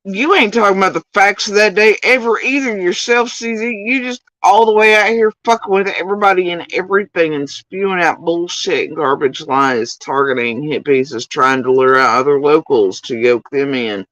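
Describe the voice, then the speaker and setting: A woman's voice: on the low side, moderate pace, hardly any pauses, fairly bright tone, no echo, low-quality recording. Profane, mocking woman streamer. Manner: sarcastic, mocking, swears constantly. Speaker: streamer reacting to clips. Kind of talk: profane ranting commentary.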